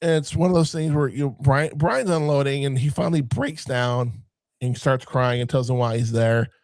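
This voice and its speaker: Profane, animated man recapping a film. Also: mid-range voice, normal speed, dry recording. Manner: profane, animated retelling of scenes with mimicked lines. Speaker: movie review podcast co-host. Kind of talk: casual film discussion.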